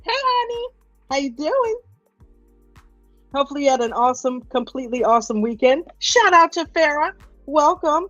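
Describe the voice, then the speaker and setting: A woman's voice: high-pitched, expressive, moderate pace, a bit bright, dry recording, faint music behind. Upbeat woman hosting a live stream. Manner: upbeat, greets viewers by name. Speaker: livestream host. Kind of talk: casual live stream chat. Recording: dull, lo-fi stream audio.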